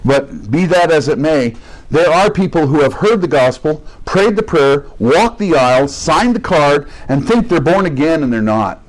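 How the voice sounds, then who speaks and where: A man's voice: fairly high pitch, expressive, moderate pace, poor audio. A man preaching a sermon, talking casually and acting out the voices of people in the scripture he reads. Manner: conversational preaching, acts out quoted voices. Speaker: pastor.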